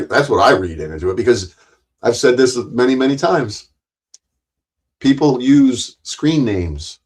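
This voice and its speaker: Low-voiced man ranting with heavy profanity. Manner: angry, sarcastic, swears constantly; mocking, repeats points for emphasis. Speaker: livestream host. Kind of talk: profane livestream rant.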